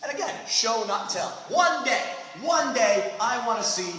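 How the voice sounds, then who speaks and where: A man in his fifties hosting a comedic writing panel at a convention, acting out squeaky comic voices. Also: expressive, a little slow. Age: 50s. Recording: echoey hall from far off with loud noise.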